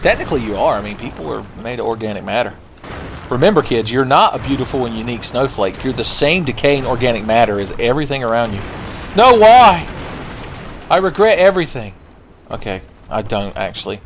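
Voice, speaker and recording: A man's voice: mid-range voice, fast talker, a little hiss or hum. A young man commenting on a video game he plays, joking and sarcastic, now and then breaking into silly singing. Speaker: gaming video host. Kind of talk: casual let's play commentary.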